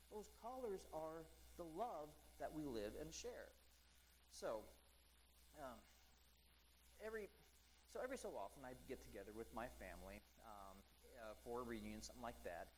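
A man preaching a conversational sermon, chatty and full of ums and asides, who slows down to read scripture aloud. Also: mid-range voice, animated, a little hiss or hum, poor audio.

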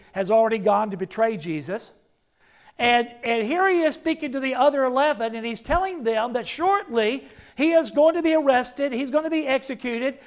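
A male pastor with a very high voice preaches a sermon emphatically. He acts out the words of the figures he quotes and puts questions to the congregation.

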